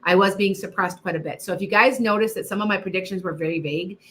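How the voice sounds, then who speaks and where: Over slight background noise, a middle-aged woman talks fast in a mid-range, somewhat bright voice while answering questions on a live psychic stream. Her casual delivery is emphatic and repetitive, with frequent asides to viewers.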